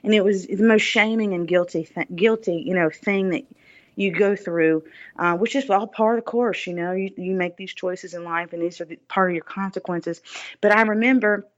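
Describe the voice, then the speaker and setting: A woman's voice: medium pitch, normal speed, dull audio. A woman guest on a podcast, telling her personal testimony earnestly, with many fillers and restarts.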